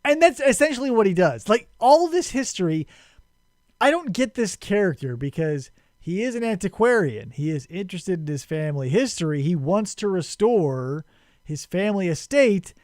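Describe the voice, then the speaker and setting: A male podcast host talking in a rambling, sarcastic way and swearing freely. His voice is fairly high and very animated, with big swings in pitch. The sound is dry and close to the mic. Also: moderate pace, no room sound. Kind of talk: casual chat, retelling a story.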